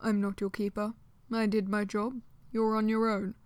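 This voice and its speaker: Gruff laconic man, flat terse delivery, read by a woman, dry sound. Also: medium pitch, normal speed, dry recording, lightly acted. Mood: blunt.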